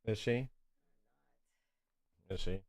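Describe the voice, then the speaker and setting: A man chatting casually to his live-stream audience, excitable and quick to laugh. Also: lowish voice. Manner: excitable, talks to his chat, laughs easily.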